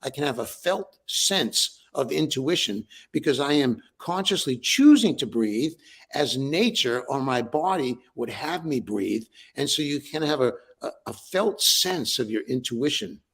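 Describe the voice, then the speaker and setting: Older guy talking breathing and yawns, excited, voice jumps around a lot. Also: mid-range voice, measured pace, husky. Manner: enthusiastic, repeats words when starting. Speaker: breathwork teacher and author. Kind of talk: interview answers.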